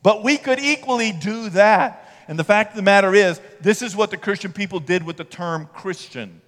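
Brief: male pastor, high voice, conversational sermon with mocking asides, church hall reverb. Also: moderate pace, a bit bright. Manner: conversational preaching with mocking quoted voices and rising emphasis. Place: church sanctuary.

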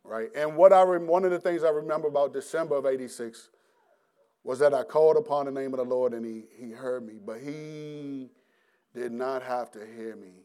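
A middle-aged preacher with a clean, mid-range voice gives his personal testimony. He is animated but halting, often restarting his words, acting out his former self, and bursting into laughter.

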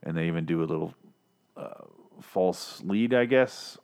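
A man's voice: sits low, a little slow, a little mellow, clean tone. A man casually reviewing a TV episode, rambling and swearing with frequent restarts. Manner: rambling, profane, many restarts. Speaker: podcast host reviewing a TV episode.

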